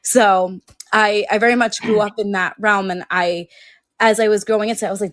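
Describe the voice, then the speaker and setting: A woman's voice: mid-range voice, brisk, dry recording. Chatty woman in her thirties, dry close sound. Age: 30s. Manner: chatty, laughs often, acts out quotes. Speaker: author guest. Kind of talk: casual interview chat.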